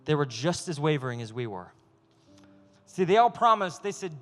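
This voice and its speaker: A man preaching a sermon as a youth pastor, animated and acting out voices of God and people. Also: on the high side, moderate pace, big-room sound.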